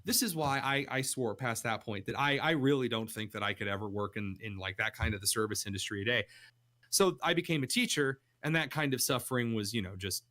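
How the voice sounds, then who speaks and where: Young guy on a radio show, bright voice, animated storyteller, close studio mic. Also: brisk. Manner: animated storyteller, jumps pitch for quoted voices. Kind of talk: casual radio chat.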